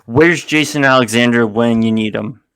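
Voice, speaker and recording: A man's voice: mid-range voice, moderate pace, a bit bright, smooth, dry recording. A man co-hosting a casual podcast, throwing in jokey interjections and quips. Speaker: podcast co-host.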